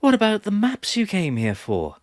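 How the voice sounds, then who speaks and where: A man's voice: high-pitched, huge pitch swings, normal speed, no echo, studio quality, pitched above the performer's own voice. A man playing a fierce, indignant young woman. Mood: distraught. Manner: heated, insistent.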